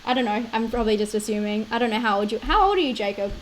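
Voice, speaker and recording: Late-twenties Australian woman, giggly and chatty streamer, bright higher voice. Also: animated, racing, a little hiss or hum, poor audio. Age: 20s. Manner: chatty, laughs often, many likes and fillers. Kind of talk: casual live-stream chat.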